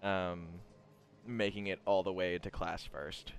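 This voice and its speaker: A man's voice: deep voice, little pitch movement, a little slow, creaky, clear, resonant tone, faint music behind. A young man narrating casually as game master, loose and rambling with frequent laughs.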